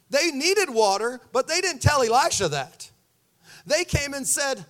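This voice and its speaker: A pastor preaching a sermon, telling the story with animated energy and acting out the voices. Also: male voice, very high voice, unhurried.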